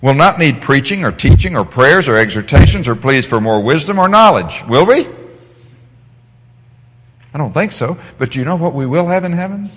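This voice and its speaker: A man teaching a Bible class in a lively, sing-song voice that climbs and dips. He keeps firing questions at the class and answering them himself. His voice rings through a large hall with a long echo. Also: fairly high pitch, normal speed.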